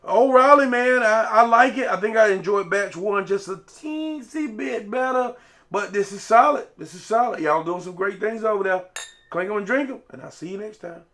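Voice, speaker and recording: Guy, slightly high voice, easygoing whiskey reviewer who rambles a bit. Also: moderate pace, fairly bright tone. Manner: laid-back, rambling. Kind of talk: casual spirits review.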